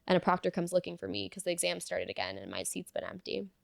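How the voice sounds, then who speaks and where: A woman's voice: lowish voice, big pitch swings, fast, creaky, no room sound, clean studio sound. A young adult woman, a guest in an interview, earnestly telling a personal story and peppering it with "like". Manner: earnest, fillers of "like", reenacts dialogue.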